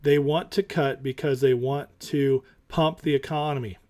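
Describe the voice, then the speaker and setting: A man hosting a casual stock market talk show, animated and opinionated, who repeats his points for emphasis. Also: measured pace. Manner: mocks others in high put-on voices.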